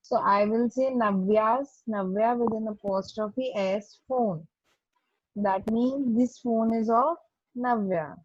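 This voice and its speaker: Patiently and slowly, a woman teacher walks pupils through grammar in an online doubt session, stressing each example. Her voice is on the high side and dry, carried over muffled, lo-fi video call audio.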